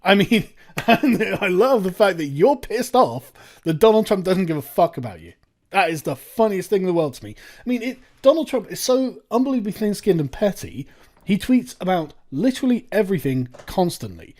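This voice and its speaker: Male commentary host, scornful and sweary, voice swinging widely in pitch. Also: big pitch swings, normal speed, a little mellow. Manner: sarcastic, profane ranting. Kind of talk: reaction commentary.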